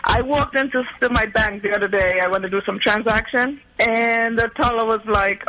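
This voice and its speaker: A woman calling in to a radio show, gushing excitedly as she tells her story. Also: a little high, brisk, hardly any pauses, low-quality recording. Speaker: caller. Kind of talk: radio call-in testimonial.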